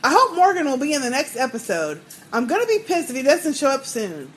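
Animated high-voiced woman podcast co-host. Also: fairly quick. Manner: animated, profane, laughs often. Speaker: podcast co-host reading listener email. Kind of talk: casual chat.

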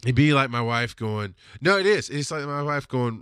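A man of ordinary pitch telling a personal story, open and emotional, with frequent swearing. His delivery jumps between sudden loud bursts and hushed, low passages. The recording is dry, with no room sound. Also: lively intonation, normal speed, clean tone, dry recording. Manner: emotional, profane, swings from loud outbursts to quiet lows. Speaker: podcast host telling personal stories. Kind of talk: confessional storytelling.

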